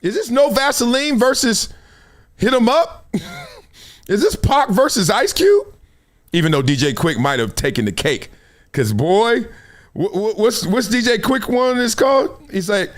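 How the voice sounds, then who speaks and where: Animated joking male sports host. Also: high voice, normal speed. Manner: animated, joking, slangy, laughs often. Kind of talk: casual live sports commentary.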